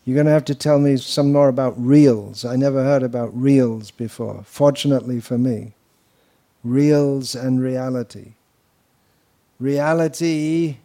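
A man's voice: mid-range voice, fairly even intonation, measured pace, dark tone. A man giving a devotional lecture to an audience, talking loosely with anecdotes and mocking asides. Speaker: spiritual teacher.

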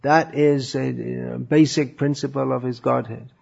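A man gives a scripture lecture in a gravelly voice, stopping often with thoughtful fillers. The recording is dull and lo-fi. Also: medium pitch, fairly even intonation, measured pace, a little mellow. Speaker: religious teacher.

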